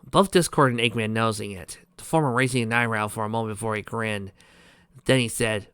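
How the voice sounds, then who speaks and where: A man's voice: fairly low pitch, steady tone, fairly quick, fairly bright tone, smooth, no echo, clean studio sound. A man reading a fan fiction story aloud and breaking off into sarcastic commentary. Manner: sarcastic, ranting asides.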